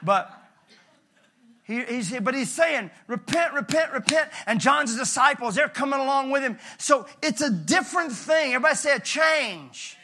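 A male pastor preaching a sermon in a conversational, animated way with jokey asides. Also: very high voice, moderate pace.

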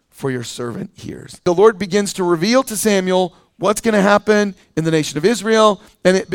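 A man's voice: high-pitched, no echo, studio quality. A male pastor preaching a sermon in a conversational way, with fillers, restarts and scripture read aloud.

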